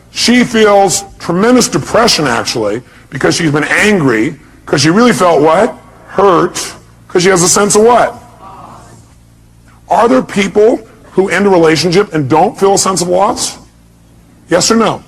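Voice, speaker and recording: A man's voice: high voice, expressive, a little slow, husky. A man giving a motivational speech to a live audience, emphatic and blunt, constantly firing rhetorical questions. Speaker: motivational speaker.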